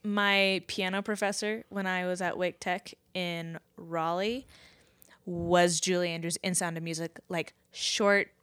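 A woman's voice: lowish voice, little pitch movement, a little slow, a bit bright, clean tone, no echo. A woman, a guest on a podcast, chatting casually and telling anecdotes with quoted reactions. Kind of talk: casual chat.

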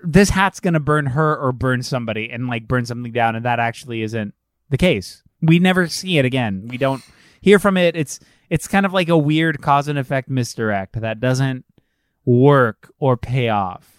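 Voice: medium pitch, moderate pace, dry recording. A podcast co-host with a mid-range voice talks through a film in a casual chat, rambling and hunting for words along the way. The recording is dry and close. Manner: rambling, searching for words, swears.

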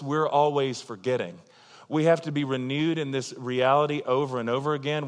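Earnest male preacher in a reverberant hall. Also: fairly high pitch. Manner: earnest, emphatic, conversational preaching with frequent asides. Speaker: pastor. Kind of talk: sermon.

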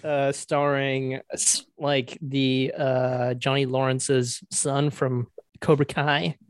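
A man co-hosting a casual podcast over a video call, playful and quick to laugh, joking about putting on a smooth, buttery voice. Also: medium pitch, flat delivery, dry recording, clean studio sound. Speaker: podcast co-host. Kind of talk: casual chat. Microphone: computer mic over a video call.

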